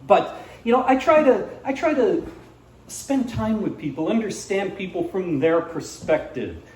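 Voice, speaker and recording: A man's voice: high-pitched, lively intonation, a little slow, a little mellow, roomy sound, recorded from a distance, slight background noise, poor audio. A man doing live stand-up at a small cafe, rambling with many fillers and restarts. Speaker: stand-up comedian. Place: small cafe venue, indoors.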